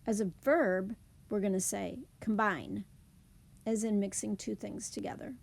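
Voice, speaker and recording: A woman teaching a slide presentation lesson, explaining slowly and carefully. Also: medium pitch, vocal fry, a little mellow. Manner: slow, careful, deliberate explanation.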